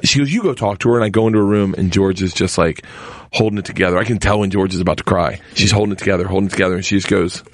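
A man's voice: deep voice, very fast, hardly any pauses, no echo, studio quality. A man in his forties telling a family story on a podcast, acting out the voices in it. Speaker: comedian guest.

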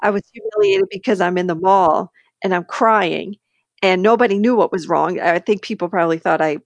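Woman, podcast co-host, candid animated storyteller, close dry mic. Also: fairly low pitch, a little fast, no room sound. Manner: animated, candid, laughs between sentences. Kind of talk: casual storytelling chat.

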